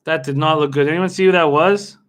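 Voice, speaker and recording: A young man hosts a casual live stream, excitable and quick to laugh as he reacts to viewers by name. His voice sits high for a man and rings bright and forward. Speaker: livestream host betting on horse races.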